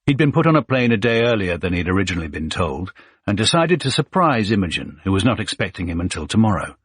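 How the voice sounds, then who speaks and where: A man narrating a suspense thriller audiobook with measured, suspenseful pacing. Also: sits low, very animated, breathy edge, no echo, clean studio sound.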